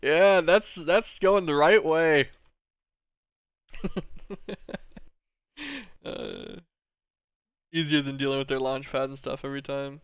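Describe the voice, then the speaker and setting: Smooth-voiced man streaming a game. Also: on the high side, slow, long pauses, no echo. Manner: relaxed, rambling, frequent "um" and "like". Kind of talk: thinking-aloud gameplay commentary.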